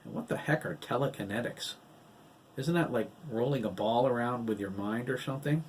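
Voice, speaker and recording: A man's voice: medium pitch, normal speed, recorded from a distance, a little hiss or hum, lightly acted. A man voicing a confused, blunt young woman in an audiobook. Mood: puzzled.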